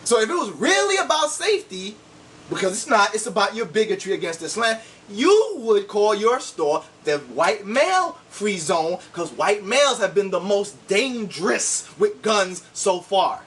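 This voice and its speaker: A man's voice: sits high, sing-song, normal speed, fairly bright tone, far from the mic. A man delivering a heated, combative video rant, insulting his opponents and repeating "see?" to drive his points home. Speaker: online commentator.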